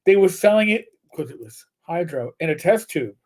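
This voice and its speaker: Halting, mellow-voiced storytelling man. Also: fairly high pitch, animated. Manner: rambling, halting, many restarts. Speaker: podcast co-host, retired police officer. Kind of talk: casual storytelling chat.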